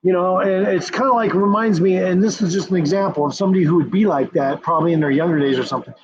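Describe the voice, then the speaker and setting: Male streamer, raised pitch, husky tone, profane repetitive rant, lo-fi dull audio. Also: quick pace. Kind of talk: ranting commentary.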